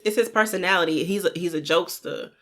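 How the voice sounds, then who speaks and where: Laughing podcast co-host woman, slightly low voice. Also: fast talker, a bit bright. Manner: laughs often, acts out relatives' voices. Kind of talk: casual chat.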